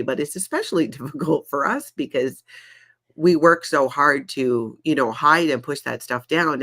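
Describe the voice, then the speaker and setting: A woman's voice: extremely low pitch, a bit bright. A woman speaking as a guest in a candid conversation, sounding reassuring and reflective. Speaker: podcast guest.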